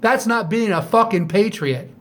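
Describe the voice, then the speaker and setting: A middle-aged man talking straight to camera in a bitter, profane monologue, firing off sharp rhetorical questions. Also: high voice, normal speed. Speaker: vlogger.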